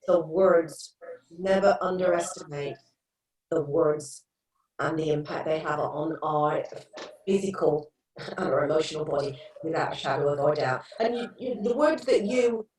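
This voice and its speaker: Her low-pitched, darkish voice moves at a moderate pace as she earnestly shares stories, often starting over. The middle-aged Englishwoman appears as a guest therapist in a casual interview, captured by a distant mic in a room with echo.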